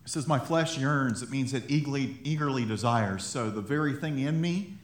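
In an echoey church sanctuary, a male pastor with a mid-range voice preaches at a normal speed. He addresses the congregation conversationally, repeating himself and chuckling along the way.

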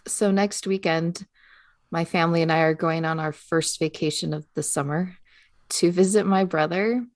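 A woman's voice: lowish voice, steady tone, normal speed, no echo. Reflective woman with a dry, close sound. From United States. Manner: reflective, talks through her thoughts. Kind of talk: casual chat.

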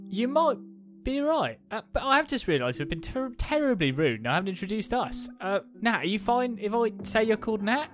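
A woman's voice: mid-range voice, very animated, a little fast, soft background music. A woman playing in a tabletop game, talking playfully with many hesitations. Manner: playful, hesitant, full of fillers. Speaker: player. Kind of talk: casual tabletop role-play.

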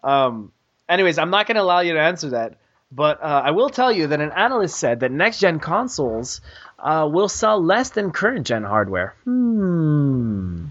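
A man's voice: fairly high pitch, very animated, normal speed, a bit bright, dull audio. A man hosting a gaming podcast, joking and teasing his co-host in casual, rambling banter.

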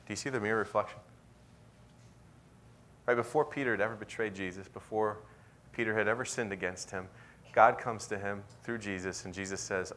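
A man preaching a sermon, swinging from loud excited bursts to soft, whispered intensity. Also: lowish voice, moderate pace. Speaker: pastor.

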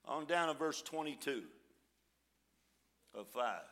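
A man preaching a sermon, reading scripture aloud with dramatic pauses and explaining it in a folksy, informal way. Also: mid-range voice, lively intonation, a bit bright. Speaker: pastor.

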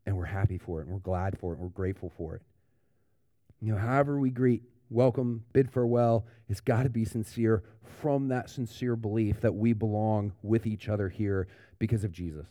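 A man's voice: lowish voice, fairly quick, warm tone, no room sound, studio quality. A man preaching a sermon in a church, talking in a casual, conversational way with frequent restarts and fillers. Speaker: pastor.

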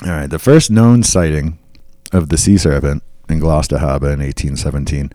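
Male podcast host, low-pitched, casual storyteller reading from notes, dry close mic. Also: fairly quick, warm tone, no room sound. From New England. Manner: reads accounts aloud with asides and fillers.

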